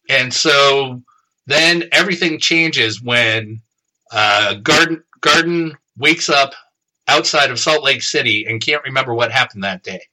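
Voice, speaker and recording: A man co-hosting a podcast, casually retelling a novel's plot with profanity and quick voiced quotes. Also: mid-range voice, pushed and bright, poor audio. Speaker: podcast co-host summarizing the book. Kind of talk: casual chat.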